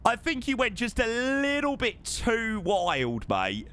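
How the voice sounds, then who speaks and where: Bright, lively man streaming live. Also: extremely high pitch, takes it slowly. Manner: effusive, excitable, repeats thanks over and over. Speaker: livestreamer. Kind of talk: live stream chat over a flight simulator.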